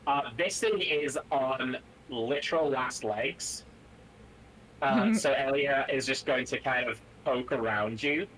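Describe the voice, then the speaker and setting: A man's voice: medium pitch, slow, a bit bright, a little hiss or hum, rough recording. A man narrating as game master of a tabletop game on a live stream, talking casually with plenty of fillers.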